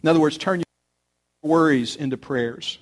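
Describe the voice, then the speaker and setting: Middle-aged guy preaching, bit higher voice, earnest, goes loud then soft and personal. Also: measured pace. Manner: earnest, preachy, swings between loud urging and soft confiding. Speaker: pastor. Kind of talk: sermon.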